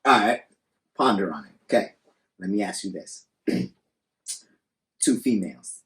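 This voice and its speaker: A man's voice: on the low side, animated, slow, long pauses, fairly bright tone. A man co-hosting a casual podcast. He speaks bluntly and swears a lot, and he acts out hypothetical arguments. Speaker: podcast co-host. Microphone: studio podcast mic.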